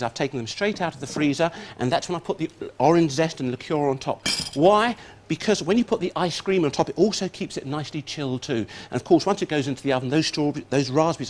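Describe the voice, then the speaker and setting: A man teaching a hands-on cooking demonstration as a TV chef, talking contestants through each step in an upbeat, encouraging way. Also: fairly high pitch. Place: TV studio kitchen set. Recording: loud background noise on an old TV recording.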